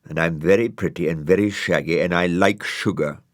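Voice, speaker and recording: A man's voice: low-pitched, normal speed, dry recording, clean studio sound, close to an everyday voice. A man voicing a vain, fussy male dog with a pompous, huffy manner in a storybook reading. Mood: indignant.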